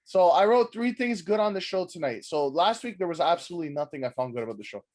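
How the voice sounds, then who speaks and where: A man's voice: high-pitched, animated, quick pace, darkish tone. A man co-hosting a wrestling podcast, talking in a rambling, jokey way with plenty of swearing, tired from a night without sleep. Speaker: podcast co-host. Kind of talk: casual wrestling chat.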